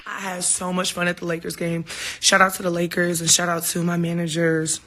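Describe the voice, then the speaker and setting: Woman, casual phone-livestream chat; bright, forward tone, heartfelt and candid, swears freely. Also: fairly low pitch, monotone, brisk. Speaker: singer hosting a livestream.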